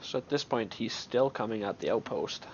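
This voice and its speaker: A man's voice: fairly low pitch, moderate pace, dull audio, a little hiss or hum. A man giving casual gameplay commentary on his own match, thinking aloud in an offhand way with many restarts.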